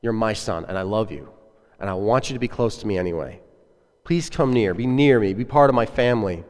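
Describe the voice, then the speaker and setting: A man voicing a loving father who pleads softly and gently with his son. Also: on the low side, fairly quick, pitched below the performer's own voice, close to an everyday voice. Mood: pleading, tender. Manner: soft, pleading. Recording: echoey hall with long reverb.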